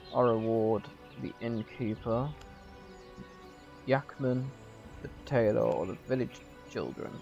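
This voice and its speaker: Male streamer, slightly croaky, gravelly, casual let's-play read-through, dull lo-fi mic, faint music underneath. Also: mid-range voice, darkish tone. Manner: chatty, reads narration with small slips and restarts. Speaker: gaming streamer. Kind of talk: casual let's-play commentary, reading game text aloud.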